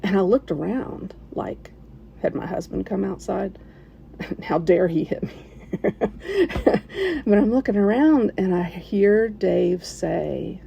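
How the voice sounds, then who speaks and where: Woman with a gravelly, kinda dark voice telling her own story, halting and emotional, little laughs. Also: mid-range voice, lo-fi sound, slight background noise. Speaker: listener telling a submitted story. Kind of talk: personal storytelling.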